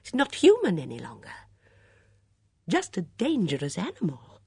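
An elderly lady sleuth lays out a murder in measured, earnest tones, voiced by a woman reader. Her pitch rises and falls widely. The sound is close and dry. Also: huge pitch swings, darkish tone, breathy edge, no echo, exaggerated voice. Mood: urgent. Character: elderly woman sleuth, gentle but grave.

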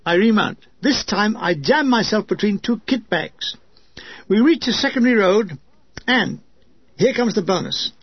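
A man's voice: high-pitched, lively intonation, unhurried, slightly rough, no echo, lo-fi sound. A man reading his own war memoir aloud with wry, lyrical delivery and comic asides.

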